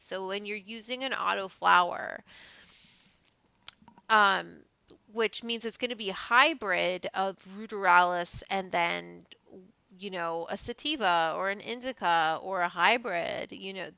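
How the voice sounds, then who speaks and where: A woman host with a bright, gravelly voice that stays smooth and clear. She reads her notes aloud, then drifts into loose, chatty asides. The sound is close and dry. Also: mid-range voice, no room sound, low-quality recording. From Canada. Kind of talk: casual reading and chat.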